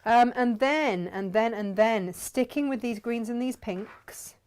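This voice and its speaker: Here the fabric shop host keeps her workshop chat casual, eager and meandering. She talks a little slowly, her fairly high voice clean and a little mellow.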